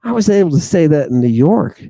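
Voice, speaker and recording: A man hosting a channel in a rambling livestream monologue, reading out viewer comments and talking through them in an excitable, sardonic way full of exclamations and rhetorical questions. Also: a little high, brisk, no echo. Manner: sardonic and mocking. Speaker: channel host.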